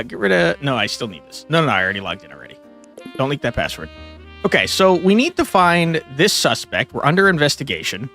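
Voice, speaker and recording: A man's voice: a little high, vocal fry, fairly bright tone. A young man streaming a game from home on a desk microphone, chatting casually and reading on-screen text aloud with jokey asides.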